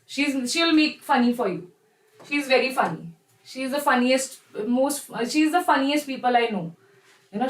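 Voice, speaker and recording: A woman's voice: high voice, roomy sound, low-quality recording. A young woman with an Indian English accent, teaching a live online chemistry class in a chatty, encouraging way. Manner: chatty and encouraging, addresses students as "bacha".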